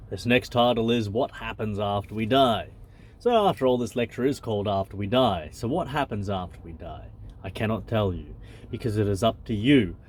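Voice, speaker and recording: A man's voice: mid-range voice, a little mellow, a little hiss or hum. A man, a channel host who reads a spiritual text aloud and comments on it in a blunt, loose and conversational way, swearing freely.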